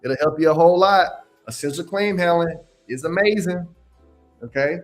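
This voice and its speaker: Animated slangy young man, faint music. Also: a little high, normal speed. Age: young adult. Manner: animated, slangy, repeats phrases, laughs often. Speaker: independent adjuster mentor hosting a live Q&A. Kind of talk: casual livestream Q&A.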